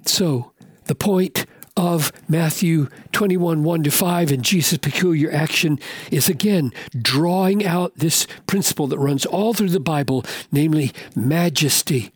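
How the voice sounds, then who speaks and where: A man preaching a sermon in an earnest, emphatic way, slowing down to stress key words and repeating questions for effect. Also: on the high side, slightly rough, dry recording.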